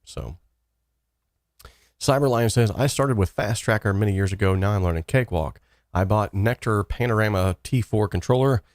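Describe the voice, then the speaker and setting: A man hosting a live stream, casually reading and answering chat questions with rambling, energetic talk. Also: on the low side, no echo, clean studio sound. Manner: energetic, rambling, reads chat comments aloud.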